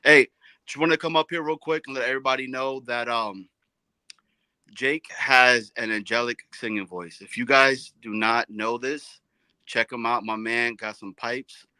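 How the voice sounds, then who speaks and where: A man's voice: medium pitch, fairly even intonation, moderate pace, pushed and bright, clear, resonant tone, no echo, rough recording. A man calling into a sports show, talking laid-back with street slang and stumbling over words. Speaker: caller. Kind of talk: casual call-in chat.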